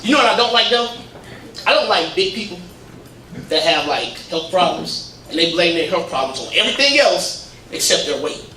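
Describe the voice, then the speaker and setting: A male stand-up comedian with a high-pitched voice tells animated stories to a crowd. He is heard from a distance in an echoey legion hall, with loud room noise under his voice. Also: normal speed. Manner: animated storytelling, voices friends in quoted asides. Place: legion hall stage, live audience. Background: audience laughter.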